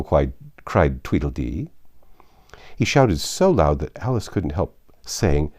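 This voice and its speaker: A man narrating a classic novel with an expressive, theatrical reading. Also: a bass voice, unhurried.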